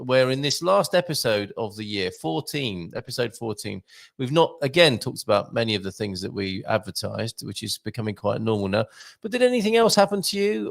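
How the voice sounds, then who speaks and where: A man hosting a podcast, asking his co-host lively questions in casual chat. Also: mid-range voice, gravelly. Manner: lively questioning, easily amused.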